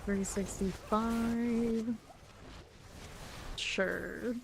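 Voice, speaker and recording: A woman's voice: on the high side, steady tone, very slow, creaky, slight background noise. Chatty woman streaming a game. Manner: chatty, rambling, laughs often. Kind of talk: live gameplay commentary.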